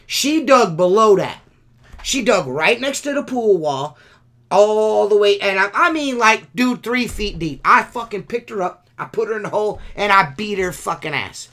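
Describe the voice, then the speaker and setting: A man's voice: sits high, expressive, normal speed, fairly bright tone. Profane, ranting male podcast host. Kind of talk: casual podcast rant.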